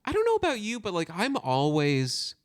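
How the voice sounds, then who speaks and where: A man's voice: high-pitched, wildly swooping pitch, normal speed, dry recording, studio quality. A young man co-hosting a podcast in casual chat, rambling and correcting himself with lots of "like". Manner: rambling, full of "like" and self-corrections. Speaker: podcast co-host.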